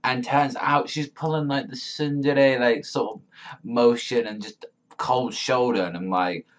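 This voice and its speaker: A man's voice: medium pitch, steady tone, a little slow. A man giving a casual, profane review, rambling with lots of fillers and swearing. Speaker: manga reviewer.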